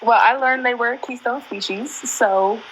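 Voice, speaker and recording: A woman guest chatting casually in a warm, affectionate way. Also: fairly high pitch, normal speed, a little hiss or hum, rough recording. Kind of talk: casual chat.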